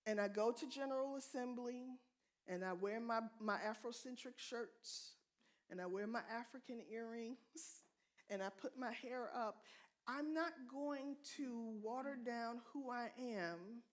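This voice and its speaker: A middle-aged woman from the United States speaking at a church conference, direct and candid, telling stories with animated asides. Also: fairly high pitch, measured pace.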